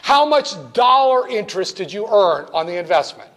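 A man giving a classroom lecture in an animated, joking way, talking straight to his students. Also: high-pitched, moderate pace. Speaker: teacher.

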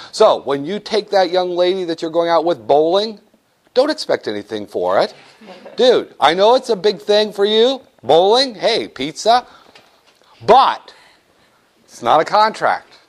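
A man teaching business law to a class, joking and acting out little scenes as he lectures. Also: a little high. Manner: animated, jokey, acts out little scenes.

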